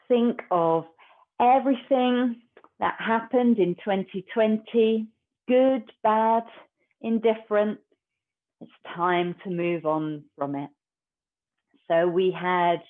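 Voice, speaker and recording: Calm woman guiding yoga, tinny sound. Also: on the low side. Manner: calm, slow, gentle guidance. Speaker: yoga teacher. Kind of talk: guided yoga instruction. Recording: tinny phone-like recording.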